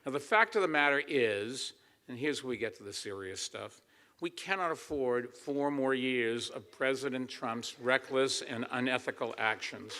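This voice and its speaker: A man's voice: medium pitch, lively intonation, moderate pace, bright, forceful tone, a little hiss or hum. An older man giving an emphatic campaign speech to a crowd of supporters, answering his own rhetorical questions. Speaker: political candidate. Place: assembly hall.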